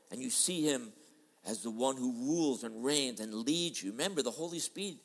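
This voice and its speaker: A man preaching a sermon in a dramatic style, switching between loud and soft as he acts out quoted voices. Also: on the high side, animated, normal speed, long reverb tail. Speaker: pastor. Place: large church hall.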